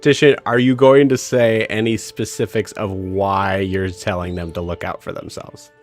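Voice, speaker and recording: A man running a tabletop game as game master, narrating quickly and asking players to clarify. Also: low-pitched, level tone, soft background music.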